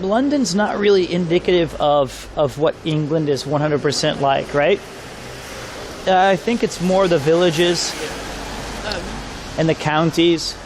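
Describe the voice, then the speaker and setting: A man's voice: on the high side, a little hiss or hum. A man chatting casually to his live-stream audience while walking around town, rambling and joking with chat. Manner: rambling, jokey, talks to chat. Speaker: IRL streamer. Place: outdoors on city streets.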